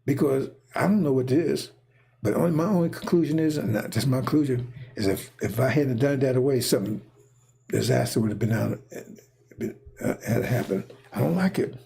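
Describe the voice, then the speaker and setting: Gravelly man rambling in a casual monologue. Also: medium pitch, fairly quick, mellow, a little hiss or hum. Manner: casual, repetitive, keeps checking in with "see?" and "right?". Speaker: speaker giving a prophetic monologue.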